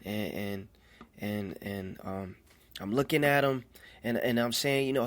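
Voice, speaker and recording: A man's voice: fairly low pitch, a bit bright. Earnest man telling a faith story. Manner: earnest, halting, repeats phrases. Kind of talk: personal faith testimony.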